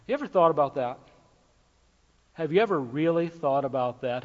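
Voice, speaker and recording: A man preaching a sermon as pastor, talking casually and jokingly with filler pauses. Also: a little high, expressive, a little mellow. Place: church sanctuary. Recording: dull recording with long hall reverb.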